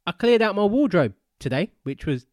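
A man's voice: sits high, sing-song, moderate pace, a little mellow, no room sound, studio quality. A man co-hosting a podcast from home, chatting casually in an easygoing, rambling way over a video call with a proper microphone. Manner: easygoing, rambling, with frequent fillers. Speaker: podcast co-host. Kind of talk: casual chat.

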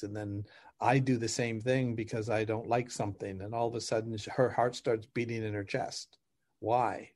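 A middle-aged man speaks as a podcast guest in an easy, conversational way, with a voice of ordinary middle pitch. He explains through stories, laughing now and then and acting out both sides of a conversation. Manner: animated, laughs while explaining, acts out dialogue. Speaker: podcast guest, relationship coach. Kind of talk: conversational storytelling.

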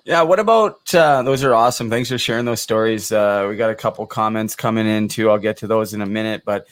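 A man's voice: fairly low pitch, brisk, dry recording. Casual male podcast host. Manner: loose, rambling questions with fillers. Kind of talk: casual interview.

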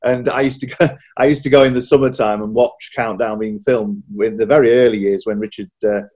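A man interviews a guest at a brisk clip. His voice is a little husky. He reacts eagerly and keeps checking in with tag questions. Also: on the low side, steady tone, darkish tone. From Yorkshire. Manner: enthusiastic, trailing off with tag questions.

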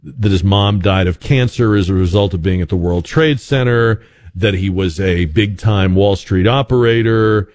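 A man's voice: low voice, moderate pace, a little mellow, a little hiss or hum. A man hosting a call-in radio talk show, musing conversationally with frequent restarts and fillers.

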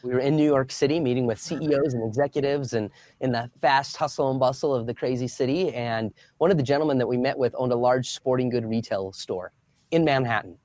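A man in his thirties tells a story as an interview guest, animated and expressive. His voice sits at a middle pitch, and the sound is dry. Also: a little fast, no room sound.

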